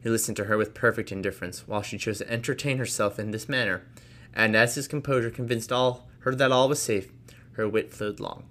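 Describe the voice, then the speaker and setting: A man reading a classic novel aloud, briskly, with casual asides. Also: fairly low pitch, fairly bright tone. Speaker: reader.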